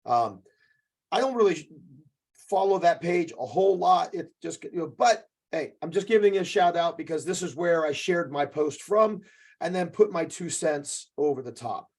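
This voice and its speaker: A man's voice: fairly high pitch, expressive, moderate pace, a little mellow, breathy edge. A man co-hosting a podcast as a jiu-jitsu coach, giving an emphatic, profane motivational talk that keeps checking in with "okay".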